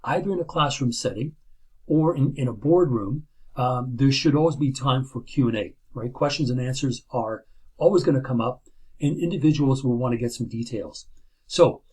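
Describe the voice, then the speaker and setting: A middle-aged man with a somewhat husky, mid-pitched voice talks through a lecture in a loose, conversational way. He is seated at home and records through his laptop's built-in microphone, and he fills his speech with ums, restarts and "right?". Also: normal speed, darkish tone. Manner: conversational, many fillers and restarts, tag questions. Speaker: instructor. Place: sitting in a chair at home. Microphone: laptop built-in camera and microphone.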